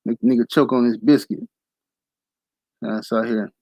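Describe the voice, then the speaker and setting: A man hosting a casual boxing livestream, ranting fast and animated with heavy profanity and slang. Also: medium pitch, dry recording, rough recording. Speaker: boxing talk show host.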